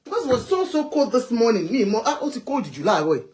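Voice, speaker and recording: A Nigerian woman with a Nigerian accent, hosting a live call-in show, talking in an animated, chatty way and ranting about public affairs from inside a car. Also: fairly high pitch, very fast, husky. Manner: animated, chatty, rants and pleads. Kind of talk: opinionated live social commentary.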